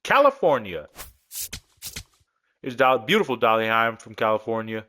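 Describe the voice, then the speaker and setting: A man's voice: mid-range voice, very animated, normal speed, pauses often, bright, forceful tone. A man giving casual, rambling commentary as a gaming creator, talking through his game creations in a laid-back, joking way. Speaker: gaming YouTuber.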